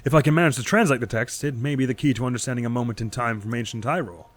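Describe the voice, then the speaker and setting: A man's voice: medium pitch, rapid-fire, natural voice. A man voicing an eager young female researcher in an earnest, slightly raised read-aloud delivery.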